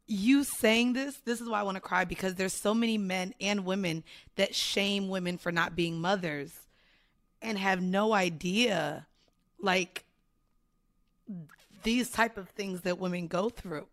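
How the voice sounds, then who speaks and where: A woman's voice: mid-range voice, measured pace. A woman hosting a conversational interview, earnest and direct. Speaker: host.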